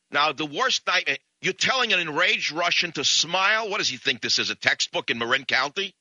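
A man's voice: on the high side, pushed and bright, dry recording. A man hosting a talk show, telling a comic, rambling anecdote into a studio microphone. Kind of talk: comic storytelling monologue.

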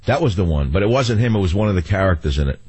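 An older male radio host with a low, husky voice talks in a rambling, wry way. He drifts between asides and jokes, and the studio sound is close and dry. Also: animated, racing, darkish tone, no room sound. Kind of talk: talk radio monologue.

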